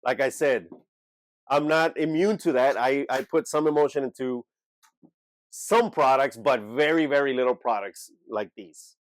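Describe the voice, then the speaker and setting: This channel host, who resells on eBay, talks to his audience unscripted about reselling, forceful and direct. His voice is medium-pitched and measured in pace.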